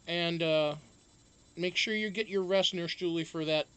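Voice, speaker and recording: A man's voice: on the high side, measured pace, a bit bright, clear, resonant tone. A man hosting a casual live stream, chatting loosely, greeting viewers one by one and swearing freely.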